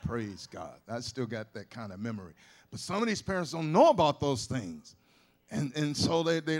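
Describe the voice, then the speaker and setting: A man preaching a sermon in a folksy, conversational way, often restarting his sentences and adding asides. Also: on the high side. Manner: folksy, with colloquial grammar. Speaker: pastor.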